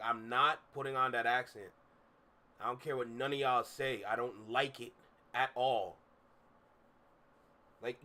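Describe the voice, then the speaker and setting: A young man with a mid-range, sharp-toned voice streams from his room, reacting to music. His live-stream chat is candid and rambling, full of fillers and repetition.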